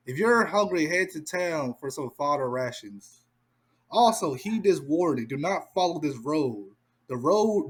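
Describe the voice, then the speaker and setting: Solemn old grasshopper rider, a man reading him out, measured and slightly husky. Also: a little high.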